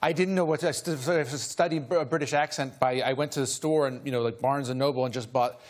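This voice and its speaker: A man's voice: medium pitch, fairly even intonation, fast talker. A man appearing as an actor guest on a talk show, telling a rambling, self-deprecating anecdote full of restarts. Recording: studio with loud audience.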